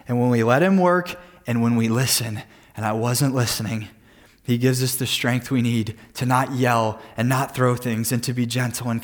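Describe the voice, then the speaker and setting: A man in his thirties, a men's group leader, giving an earnest devotional talk full of personal stories. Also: medium pitch. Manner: earnest storytelling with personal anecdotes.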